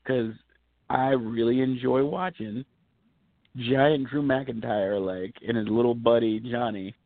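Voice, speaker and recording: A man's voice: mid-range voice, slow pace, no echo. Man talking wrestling over a phone line. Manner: rambling, animated storytelling with fillers. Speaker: podcast co-host. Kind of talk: casual wrestling talk.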